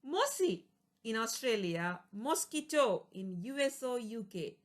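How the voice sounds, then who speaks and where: A woman's voice: fairly high pitch, big pitch swings, measured pace. A woman reading an English vocabulary lesson, going through word lists, each with a plain explanation and an example sentence. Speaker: English teacher.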